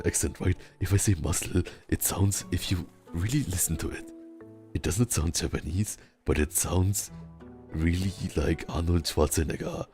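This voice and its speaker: A very deep, rumbly male voice with a Southern German accent and a rolled R. He speaks slowly, leaving long pauses as he chats casually to his stream. Soft music plays faintly behind him. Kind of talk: casual chat while gaming.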